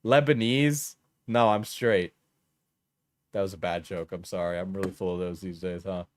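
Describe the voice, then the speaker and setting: A man's voice: sits low, normal speed, a little hiss or hum. A man hosting casual online commentary, rambling and mocking with crude jokes, constantly saying "like" and "right?". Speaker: commentary channel host.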